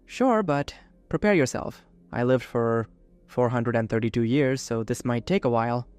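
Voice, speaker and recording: A man voicing an ancient Sith woman's spirit kept in a holocron, speaking with gentle, motherly patience. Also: medium pitch, moderate pace, clear, resonant tone, faint music behind, close to an everyday voice. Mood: kindly.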